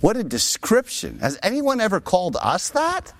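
A man's voice: sits high, huge pitch swings, moderate pace. A man preaching a sermon, with rhetorical asides to his listeners. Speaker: pastor.

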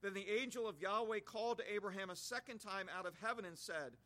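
A man's voice: high-pitched, quick pace, pushed and bright. A man preaching an expository sermon, reading scripture aloud and explaining it with homely images.

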